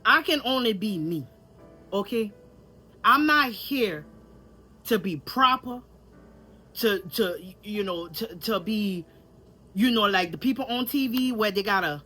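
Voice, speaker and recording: A woman's voice: on the high side, pushed and bright. A woman with a country Louisiana accent, talking candidly and casually to her viewers in a vlog. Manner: candid, chatty, repeats herself, addresses viewers directly. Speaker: vlogger. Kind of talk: casual vlog talk to camera.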